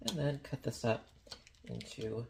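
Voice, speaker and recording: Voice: medium pitch, a little slow, vocal fry, a little hiss or hum. A home baker chatting casually in a kitchen while demonstrating a recipe, playful and full of jokey asides. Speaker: home baking vlogger.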